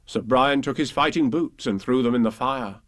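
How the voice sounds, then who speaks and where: A man reading children's poems and stories aloud in an expressive, lilting way. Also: mid-range voice, moderate pace, no room sound, studio quality. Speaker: reader.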